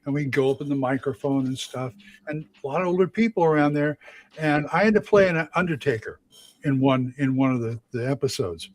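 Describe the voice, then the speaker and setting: A man's voice: medium pitch, brisk, no room sound. A man chatting casually on a live show, telling rambling stories about his stage acting with many restarts. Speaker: regular of a live chat show, stage actor. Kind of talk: casual chat.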